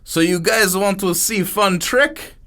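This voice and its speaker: A man's voice: high voice, slow, bright, forceful tone, voice pushed up, exaggerated voice. A man voicing a menacing foreign party guy who speaks in broken English and mocks the others. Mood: mocking.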